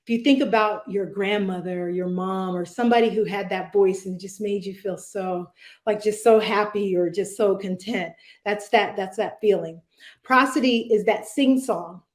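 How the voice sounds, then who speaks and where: A woman's voice: mid-range voice, moderate pace, roomy sound. A woman leading a virtual public speaking workshop, talking conversationally with fillers and frequent "right?" check-ins. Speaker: workshop presenter.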